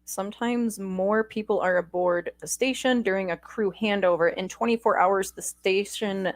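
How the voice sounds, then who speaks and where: A woman's voice: medium pitch, moderate pace. A woman in a casual podcast chat, speaking matter-of-factly. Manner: matter-of-fact, reads out facts. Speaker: guest co-host.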